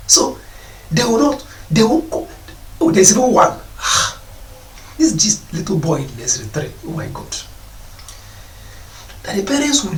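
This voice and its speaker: A man's voice: high-pitched, fairly bright tone. A man giving a preaching talk to parents about responsibility, scolding them and mocking their excuses. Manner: scolding, mocks parents in put-on voices. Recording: echoey room, voice from a distance.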